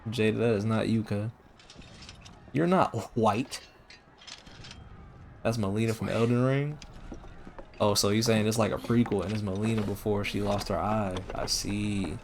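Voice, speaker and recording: Slangy, excitable male game streamer. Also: fairly low pitch, measured pace, pauses often, noisy background. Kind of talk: casual live-stream commentary.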